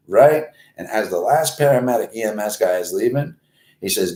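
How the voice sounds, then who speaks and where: A man in his forties who hosts his own show and tells a rambling, profane story, swearing constantly and getting animated when he acts out scenes. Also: on the low side, fairly quick, reverberant. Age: 40s. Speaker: host. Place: Florida, United States.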